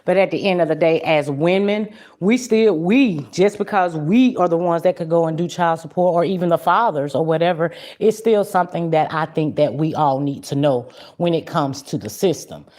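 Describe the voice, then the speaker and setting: A woman's voice: lowish voice, normal speed, few pauses, a little mellow. A woman hosting a podcast livestream, talking casually and bluntly, with plenty of swearing and frequent laughs. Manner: blunt, profane and chatty; laughs often. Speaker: podcast host.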